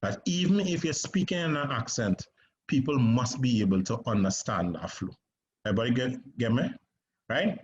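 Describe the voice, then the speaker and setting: A man teaching an online acting lesson, talking conversationally with emphatic pauses and checks on whether his listeners follow. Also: medium pitch, animated, muffled recording, slight background noise.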